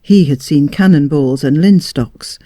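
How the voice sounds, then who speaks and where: A narrator reading a period story aloud with expressive delivery. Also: medium pitch, measured pace, dry recording, studio quality.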